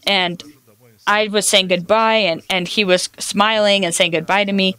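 A woman's voice: mid-range voice, steady tone, moderate pace, sharp tone, smooth. A woman preaching a sermon, telling personal stories and quoting scripture in an earnest way. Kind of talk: sermon teaching.

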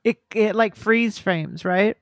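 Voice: mid-range voice, slow pace, dry recording. A podcast co-host in casual chat, mostly asking short questions and dropping dry one-word replies.

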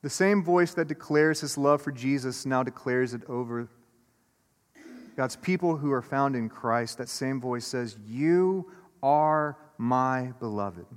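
A pastor with a mid-range, unhurried voice preaches to his congregation in an echoey church sanctuary. His sermon is earnest and builds through repeated phrases, then loosens into casual, chatty asides.

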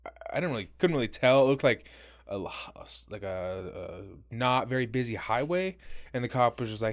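A man co-hosting a podcast, chatting casually and cursing freely. His voice sits at an ordinary middle pitch, and he tells stories by slipping into quick quoted voices. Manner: swears freely, animated storytelling with acted quotes. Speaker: podcast co-host. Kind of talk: casual chat.

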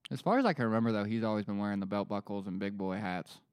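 A man's voice: lowish voice, racing, smooth, no echo. A man from Pennsylvania co-hosting a casual podcast chat, joking around and reading news stories aloud. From Pennsylvania, USA. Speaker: podcast co-host.

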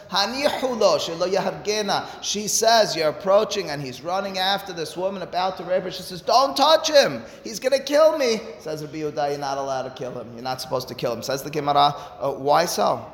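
A man giving a Talmud study lecture, explaining step by step and posing rhetorical questions to his listeners. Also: mid-range voice. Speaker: Talmud teacher. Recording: echoey hall with long reverb.

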